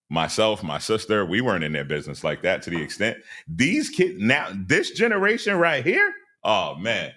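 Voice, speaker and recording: A middle-aged man with a fairly low voice hosts his own podcast and gives his opinions in a loose, conversational way. He talks emphatically and preaches a little, and he jumps up in pitch to act out what other people say. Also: bright, forceful tone. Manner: emphatic, preachy, acts out quoted people in a raised voice. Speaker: podcast host. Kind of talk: casual commentary podcast.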